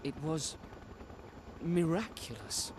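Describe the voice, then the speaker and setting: A man's voice: on the high side, very animated, slow, noisy background. A formal learned nobleman. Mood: composed.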